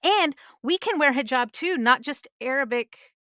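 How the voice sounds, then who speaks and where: A middle-aged woman speaks as a guest on a podcast with earnest conviction, pressing her points with emphasis. Her voice is smooth and resonant. The sound is close and dry. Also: high-pitched, expressive, moderate pace, bright, forceful tone, dry recording. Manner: earnest, emphatic advice-giving. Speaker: voice actress guest. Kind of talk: conversational interview. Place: podcast studio.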